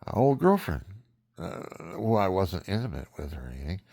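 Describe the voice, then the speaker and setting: A man's voice: low voice, sing-song, moderate pace, gravelly, darkish tone. A man in his seventies telling rambling, frank family stories in a meandering, chuckling way. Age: 70s. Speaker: vlogger. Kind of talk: rambling personal storytelling.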